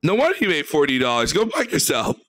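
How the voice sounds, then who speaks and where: A man's voice: on the high side, wildly swooping pitch, fast, fairly bright tone. A man hosting a reaction video, ranting and mocking the gameplay he watches with profane sarcasm. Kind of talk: mocking commentary over gameplay.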